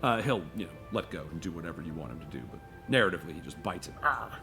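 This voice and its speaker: A man runs a tabletop game, his voice sitting on the low side. He narrates loosely and easily, padding lines with casual fillers. Soft music plays faintly in the background. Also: lively intonation, very fast. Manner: easygoing, loose narration full of "you know". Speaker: game master.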